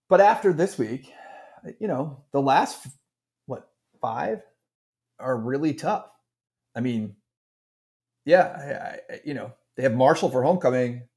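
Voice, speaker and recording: A middle-aged man co-hosting a casual sports podcast, animated and rambling with frequent restarts. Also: mid-range voice. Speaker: podcast co-host.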